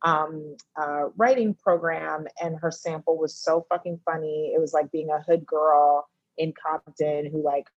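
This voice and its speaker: Husky-voiced woman, animated storyteller. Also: sits low, unhurried, no echo, dull audio. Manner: animated storytelling, acting out friends' lines. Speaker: television writer and executive producer, guest. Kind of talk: casual interview chat.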